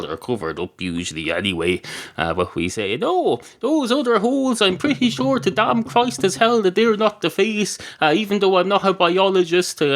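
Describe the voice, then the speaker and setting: Man, podcast host, rambling comic monologue, swooping lively pitch. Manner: meandering, self-interrupting, absurd riffs.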